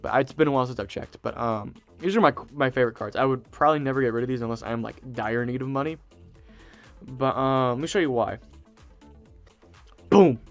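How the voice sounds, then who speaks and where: A man casually telling stories to camera, excitable and rambling, with lots of fillers and restarts. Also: medium pitch, brisk, long pauses, muffled recording, soft background music. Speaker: channel host.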